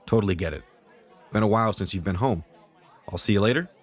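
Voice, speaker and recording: A man voicing a friendly young man with a low, smooth voice. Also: quick pace, some chatter behind, lightly acted.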